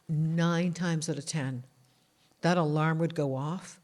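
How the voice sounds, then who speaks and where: A woman from Canada, talking in a casual interview as an author and guest, telling animated stories and acting out the voices of the people in them. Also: sits low, slow. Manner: animated storyteller who acts out quoted voices.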